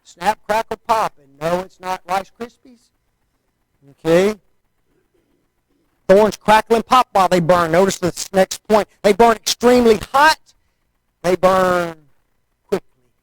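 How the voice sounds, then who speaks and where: Male preacher with a high-pitched voice, chatty and folksy, asks the congregation rhetorical questions, dry close sound. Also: slow, pauses often, dry recording, poor audio. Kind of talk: sermon.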